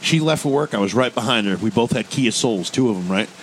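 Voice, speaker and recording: A co-host tells a story in casual chat, swearing freely and acting out the people in it, an animated, profane storyteller. His voice is mid-range and quick. The audio is poor, with faint background noise.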